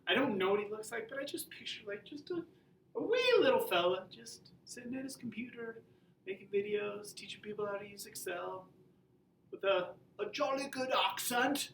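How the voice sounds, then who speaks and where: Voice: mid-range voice, lively intonation, brisk, distant mic, a little hiss or hum. Chatty teacher in an echoey room. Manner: chatty, joking, informal. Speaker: high school teacher. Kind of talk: casual class video. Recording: roomy audio from away from the mic.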